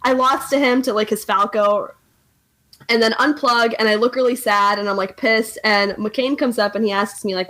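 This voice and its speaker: A woman's voice: mid-range voice, fairly even intonation, moderate pace, fairly bright tone. A young woman guesting on a podcast, telling a story in casual chat with lots of fillers and laughter.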